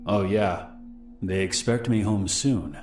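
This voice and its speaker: A guarded young girl who keeps her answers short and careful, as a man reads her lines. The voice stays deep and low, close to a plain narrating voice. Faint music runs underneath. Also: takes it slowly, a little mellow, echoey room. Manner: cautious, curt, improvising.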